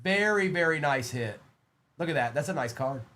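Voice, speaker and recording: An upbeat, chatty man hosts a live-stream card break. His voice sits a touch high as he greets viewers and rattles off player names in quick succession while ripping packs. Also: animated, bright, forceful tone.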